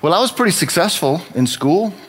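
A man's voice: high voice, big pitch swings, fairly quick, fairly bright tone, a little hiss or hum. Wry man giving a church testimony. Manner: conversational and wry, self-deprecating humor. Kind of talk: sermon-style personal testimony.

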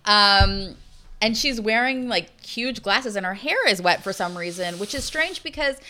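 A woman's voice: mid-range voice, lively intonation, measured pace, bright, forceful tone. A woman co-hosting a podcast, chatting casually and sarcastically, full of "like" fillers. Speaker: podcast co-host. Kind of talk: casual chat. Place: Los Angeles.

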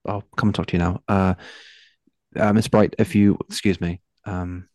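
A man's voice: deep voice, level tone, normal speed, a little mellow, no echo, natural voice. A man voicing a flustered woman who excuses herself politely in a tabletop game. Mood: apologetic.

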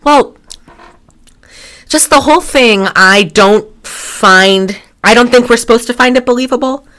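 A woman with a fairly high, slightly bright voice speaks a little slowly. She co-hosts an easygoing film podcast, rambling along with lots of restarts and free swearing.

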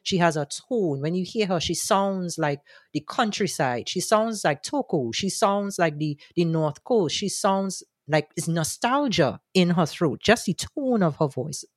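A man's voice: sits high, a little slow, no room sound. Man, thoughtful and dry. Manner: thoughtful and animated, with frequent restarts. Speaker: guest, soca music commentator. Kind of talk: interview answers.

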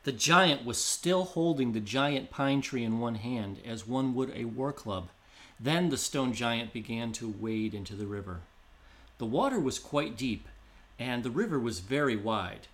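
A man narrates a traditional storybook tale in a measured, descriptive way. His voice sits at an ordinary middle pitch. He takes each line steadily. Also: expressive, a bit bright.

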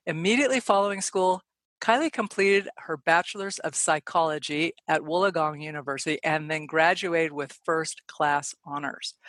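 A woman hosting a podcast, reading a guest introduction and then asking questions, eager and quick. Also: sits low, fairly bright tone, no echo. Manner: enthusiastic, quick, admiring. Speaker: podcast host.

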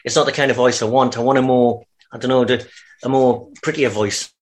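Casting: Geordie man, podcast co-host, mid-pitched, chatty and rambling. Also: steady tone, a little fast, a crowd in the background. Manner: rambling, chatty, laughs often. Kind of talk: casual chat.

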